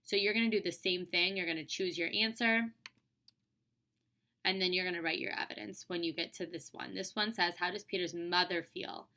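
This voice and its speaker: A woman's voice: lowish voice, steady tone, a little fast, sharp tone. A young woman teacher reading a children's book aloud and talking through the questions in a casual, chatty way. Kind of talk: reading aloud and explaining a lesson.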